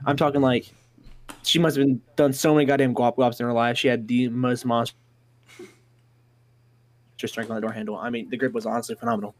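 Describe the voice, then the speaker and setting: A man's voice: mid-range voice, flat delivery, fairly quick, pauses often. A young man telling a rambling, profane story in casual chat.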